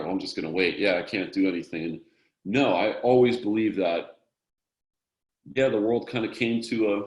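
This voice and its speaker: A male guest speaking in an upbeat, encouraging and emphatic motivational way. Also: lowish voice. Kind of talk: motivational conversation. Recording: roomy echo.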